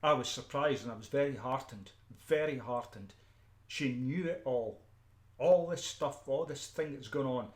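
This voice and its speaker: A man's voice: mid-range voice, moderate pace. Ranting Scottish man in an echoey room. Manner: emphatic, repeats himself, frequent restarts and throat-clearing. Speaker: street preacher. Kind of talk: unscripted ranting monologue.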